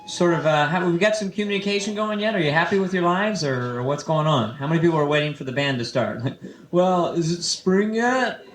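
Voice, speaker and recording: Brief: high-voiced young male comic, crowd-teasing stand-up, echoey club with audience noise. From San Francisco. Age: 20s. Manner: loose, teasing crowd work with quick put-on voices. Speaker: stand-up comedian. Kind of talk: live stand-up set. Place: comedy club. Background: audience laughter.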